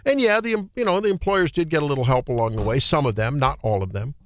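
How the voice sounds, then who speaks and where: A man hosting a political talk radio show with a Midwestern American accent, talking in an animated, indignant way and often restarting his sentences. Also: a little high, quick pace, no echo, clean studio sound.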